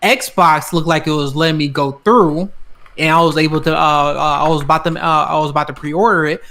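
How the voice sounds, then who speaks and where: Dude on a gaming podcast, hyped storytelling, kinda high voice, swears a lot. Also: male voice, brisk. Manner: excitable storyteller, swears, laughs often. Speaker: podcast host. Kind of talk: casual chat.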